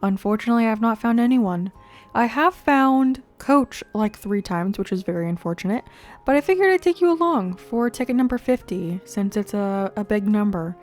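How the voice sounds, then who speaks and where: A woman's voice: medium pitch, expressive, moderate pace, a little mellow, faint music behind. A young woman giving casual, chatty gameplay commentary, talking straight to her viewers and laughing often. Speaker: gaming YouTuber.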